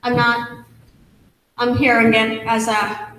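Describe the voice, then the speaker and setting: A young woman chatting casually during a rehearsal mic check, talkative and quick to laugh. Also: a little high, level tone, fairly bright tone. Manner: chatty, laughs easily, restarts sentences. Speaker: actor in a stage rehearsal. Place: large echoey hall. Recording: echoey room, distant mic, faint hum.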